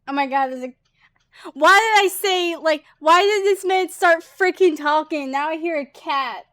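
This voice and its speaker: A woman's voice: very high-pitched, a little slow, fairly bright tone, no room sound, studio quality. A woman streamer giving casual, giggly and exclamatory commentary while playing a game.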